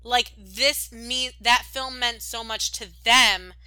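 A young woman co-hosting a podcast, rambling warmly and with plenty of fillers in casual chat. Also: fairly high pitch, fairly even intonation, takes it slowly, clean tone, dry recording, poor audio. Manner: gushing, rambling, many "like"s. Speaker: podcast co-host.

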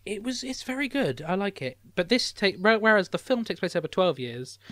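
A man's voice: high-pitched, big pitch swings, a little fast, fairly bright tone, dry recording, clean studio sound. A young man co-hosting a podcast, chatting casually about films with frequent restarts. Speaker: podcast co-host. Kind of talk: casual film discussion.

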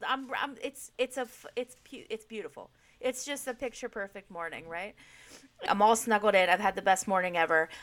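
A woman's voice: medium pitch, fairly bright tone. A middle-aged mother in casual chat, frank and profane, telling a story with laughter. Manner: frank, swears freely, laughs while telling stories.

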